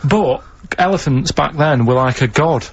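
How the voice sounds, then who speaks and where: A man, co-hosting a radio show and telling a meandering story in a flat, deadpan way. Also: fairly high pitch, moderate pace, a little hiss or hum. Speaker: radio co-host. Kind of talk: rambling storytelling. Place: radio studio. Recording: dull lo-fi radio recording.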